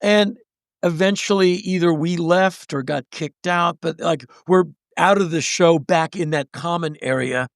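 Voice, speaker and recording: A man in his sixties tells stories as a podcast guest, sounding lively and acting out each person he mentions. His voice sits high for a man and is gravelly, and it is recorded close and dry. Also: measured pace, dry recording. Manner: animated storyteller who acts out the people in his stories. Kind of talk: storytelling in conversation.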